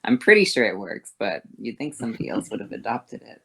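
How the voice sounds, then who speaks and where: A woman voice teacher explaining vocal fold exercises, moving between a harsh, thick sound and a soft, thin one, over a voice call. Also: extremely low pitch, sing-song, fast talker. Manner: switches between harsh fry and soft breathy tones.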